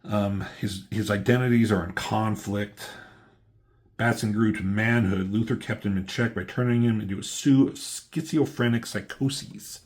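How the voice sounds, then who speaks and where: A man's voice: fairly low pitch, steady tone, moderate pace. A man giving a loose, profane, filler-heavy walkthrough of a comic book issue as its reviewer.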